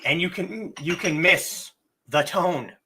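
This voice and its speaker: A livestream host giving a casual lesson, speaking slowly and deliberately and often clearing their throat, a bit hoarse from a cough. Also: mid-range voice, background noise.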